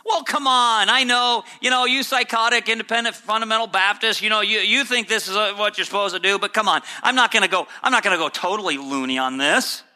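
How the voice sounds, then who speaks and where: A man preaching a sermon as a pastor, dropping low and earnest, then jumping high to mock the excuses he quotes. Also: quick pace, hardly any pauses, pushed and bright. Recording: long hall reverb.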